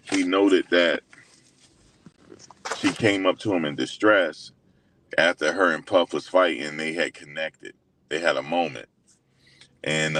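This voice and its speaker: A young man with a deep, low-set voice recaps events in a loose, slangy ramble, leaning on fillers and asides. He sounds incredulous and animated when he quotes others. The sound is close and dry, with hardly any room around it. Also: no echo. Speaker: host. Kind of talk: casual storytelling recap.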